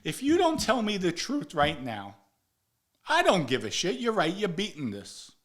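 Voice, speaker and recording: Man voicing a tough, blunt trooper, slightly raised pitch, forceful. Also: wildly swooping pitch, normal speed, full character voice. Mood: stern. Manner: blunt, laying down an ultimatum. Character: tough state trooper laying down terms.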